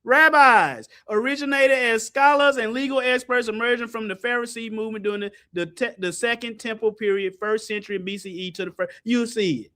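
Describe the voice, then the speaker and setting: High-pitched animated man teaching scripture. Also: a little fast, few pauses. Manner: lively, colloquial, jumps high in pitch for emphasis, laughs often. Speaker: teacher running an online Bible study. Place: online video call.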